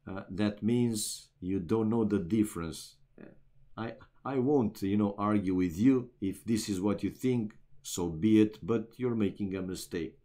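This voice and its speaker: A man from Romania commentating a strategy game match live, sitting at the lower end of the male range. His tone is warm and mellow. He talks loosely and chats with the viewers as he goes. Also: a little slow. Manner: chatty, talks straight to chat viewers, many "uh" and "man". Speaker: esports caster.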